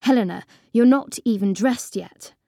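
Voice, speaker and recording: A woman's voice: a little high, moderate pace, creaky, mellow, dry recording, clean studio sound. A woman reading the lines of an exasperated circus mother who scolds her daughter sharply. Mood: scolding.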